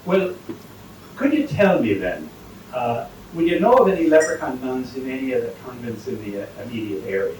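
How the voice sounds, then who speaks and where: A man's voice: mid-range voice, big pitch swings, moderate pace, darkish tone, slight background noise, natural voice. A man voicing a pushy male leprechaun with a put-on Irish accent, asking overly formal questions. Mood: wheedling. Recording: distant, echoey phone recording.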